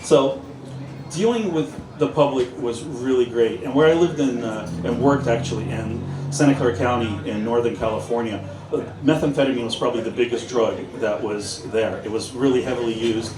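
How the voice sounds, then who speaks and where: A man's voice: mid-range voice, moderate pace, background noise. A man who used to work in law enforcement, telling humorous anecdotes to an audience and acting out the dialogue. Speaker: former police officer sharing stories. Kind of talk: live storytelling talk to an audience. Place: indoors at a busy pub event. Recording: echoey pub from far off with crowd.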